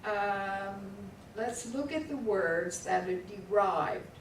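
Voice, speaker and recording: This is a classroom lesson where a Hebrew teacher, medium-pitched and slow, patiently repeats words aloud and has students say them back syllable by syllable. The room echoes, she's far from the mic, and a faint hum runs underneath.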